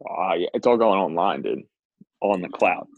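A man's voice: sits low, animated, moderate pace, no echo. A man co-hosting a podcast in casual chat, laid-back and joking, saying "dude" a lot, on dull lo-fi audio. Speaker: podcast co-host.

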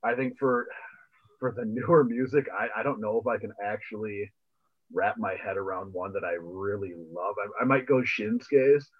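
A man's voice: lowish voice, normal speed, husky, narrow, tinny audio. A man co-hosting a podcast in casual chat, laid-back and repeating phrases while he thinks. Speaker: podcast co-host.

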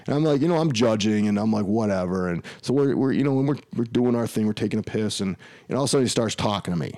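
A man's voice: on the low side, lively intonation, fast, mellow. A man, a podcast guest, telling a long personal story in casual talk, full of restarts and quoted dialogue. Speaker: interview guest.

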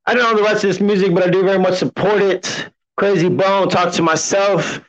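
Relaxed, cussing man hosting a podcast. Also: high-pitched, a little fast. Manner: relaxed, rambling, cusses a lot. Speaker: podcast host. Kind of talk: casual solo podcast talk. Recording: dull lo-fi sound.

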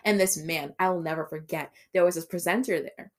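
Young woman, podcast co-host, casual and animated storyteller, salty language. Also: lowish voice, fairly quick, slight background noise. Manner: animated storytelling with swearing and laughter. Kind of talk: casual chat.

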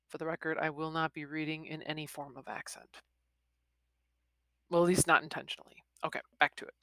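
Woman, book reviewer, chatty, excitable, bright tone, dry room. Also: deep voice, a little fast, dry recording. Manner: chatty and excitable, with restarts and exclamations. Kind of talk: casual reading vlog, reading a western novel aloud.

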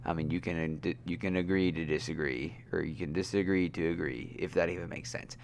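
A man's voice: steady tone, brisk, gravelly, a little mellow, a little hiss or hum. A man hosting a casual wrestling review podcast, rambling with many fillers and getting worked up. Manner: rambling, filler-heavy, gets worked up with high-pitched outbursts. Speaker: podcast host.

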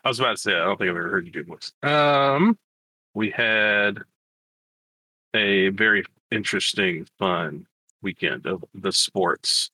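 A man's voice: fairly low pitch, unhurried, sharp tone, dry recording, rough recording. A man co-hosting a sports podcast, talking casually and rambling with hesitant restarts. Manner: rambling, hesitant, self-correcting. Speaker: podcast co-host.

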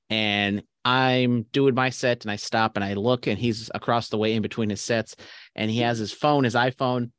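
A man's voice: mid-range voice, fairly bright tone, dry recording, clean studio sound. Crude joking male podcast co-host. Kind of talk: casual chat. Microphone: desk mic on camera.

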